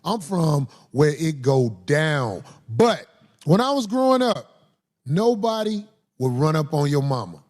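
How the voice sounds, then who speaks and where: A man's voice: fairly high pitch, very animated, measured pace, darkish tone. A middle-aged man who grew up in city housing projects, telling stories from his youth in an emphatic, streetwise way. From Chicago housing projects. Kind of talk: storytelling commentary.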